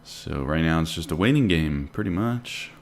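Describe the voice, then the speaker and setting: A man's voice: a bass voice, animated, moderate pace, slight background noise. A man hosting a live day trading stream, chatting casually and answering viewer questions while he watches the charts. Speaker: day trading livestream host.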